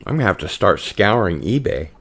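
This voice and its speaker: A man's voice: low voice, fairly quick. A man hosting a casual podcast, chatting loosely and reading out viewer comments. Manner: relaxed, reads out viewer comments. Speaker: podcast host. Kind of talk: casual live-stream chat.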